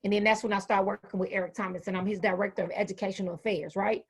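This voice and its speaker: A woman in her fifties, a retired school administrator, giving an animated, folksy talk to educators. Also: medium pitch, rapid-fire, husky. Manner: animated, folksy, acts out quoted voices. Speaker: educational speaker. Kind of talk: motivational talk.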